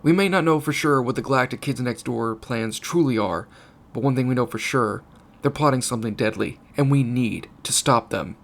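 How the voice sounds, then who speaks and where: A man's voice: medium pitch, normal speed, a bit bright, close to an everyday voice. A man voicing a serious British teenage boy leading a secret team.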